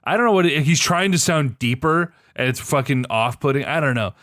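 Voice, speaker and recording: A young man co-hosting a podcast, ranting in a profane, exasperated way with sudden jumps up in pitch. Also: lively intonation, a little fast, few pauses, fairly bright tone, no echo, studio quality. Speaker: podcast co-host. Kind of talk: casual chat.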